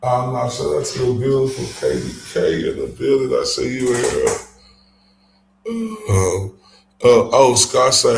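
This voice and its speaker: Guy ranting and cussing on his stream, slow talker, sounds far from the mic in an echoey room. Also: mid-range voice, expressive, creaky, a little hiss or hum. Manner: profane, rambling, reads chat aloud. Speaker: livestream host. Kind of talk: casual livestream commentary.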